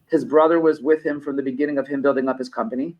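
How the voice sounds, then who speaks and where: A man's voice: mid-range voice, steady tone, fast talker, muffled recording. A middle-aged man from New York, a business consultant and podcast guest, who explains his points through personal anecdotes and repeats phrases for emphasis. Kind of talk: conversational podcast interview.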